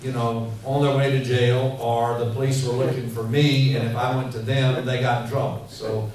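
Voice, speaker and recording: A man preaching a sermon in a church, telling stories in an animated, rambling way full of fillers. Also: medium pitch, moderate pace. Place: church hall. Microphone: handheld mic. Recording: echoey hall, mic heard from far off, faint noise.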